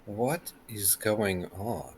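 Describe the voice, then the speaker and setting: Lowish-voiced man playing a tabletop game. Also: animated, extremely slow, darkish tone, slight background noise. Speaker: player. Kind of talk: tabletop role-play.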